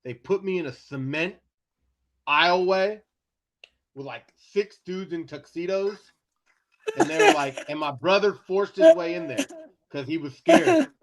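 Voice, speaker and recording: A man co-hosting a sports podcast, telling a story in casual chat, animated and profane, often laughing as he goes. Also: sits high, measured pace, creaky, long pauses. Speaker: podcast co-host.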